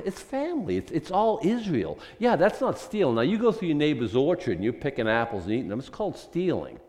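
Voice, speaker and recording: Conversational male pastor, rhetorical and animated, church hall reverb. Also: on the high side, brisk, few pauses. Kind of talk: sermon.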